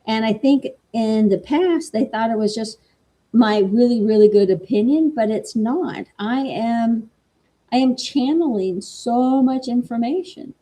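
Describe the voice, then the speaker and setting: A woman's voice: on the high side, measured pace, warm tone. A middle-aged woman, a life coach and energy healer, casually telling a story and acting out the quoted dialogue. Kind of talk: casual talk stream.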